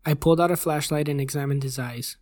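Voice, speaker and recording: A host reading a horror story aloud in a measured, even voice at a close mic. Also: medium pitch, dry recording. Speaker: host and narrator. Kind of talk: scripted horror story narration.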